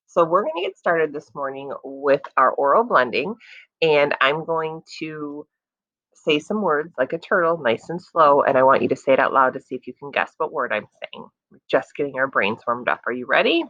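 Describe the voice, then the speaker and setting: A woman teacher leading a phonics lesson for young children, stretching words out slowly and praising their answers. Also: sits low, lively intonation, fairly bright tone, dry recording, muffled recording. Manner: slow, drawn-out sounding of words, encouraging.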